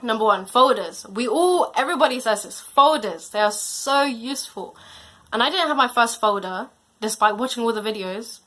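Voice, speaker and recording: A woman's voice: a little high, animated, normal speed, a bit bright. A teenage girl giving casual advice as a student vlogger, chatty and slangy, her volume drifting up and down. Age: late teens.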